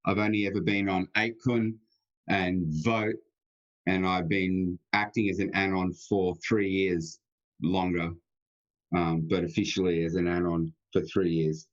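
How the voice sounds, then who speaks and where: An Australian man talks as a guest on a live stream, earnest and emphatic. His voice sits low. The sound is dull and lo-fi. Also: level tone, unhurried. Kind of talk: casual live-stream chat.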